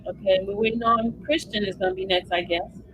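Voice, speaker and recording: A woman's voice: mid-range voice, fairly quick, a little hiss or hum, low-quality recording. A woman hosting a livestream, giving emotional live commentary and reading updates aloud to viewers. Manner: animated, emotional, addresses viewers as y'all. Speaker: livestream host.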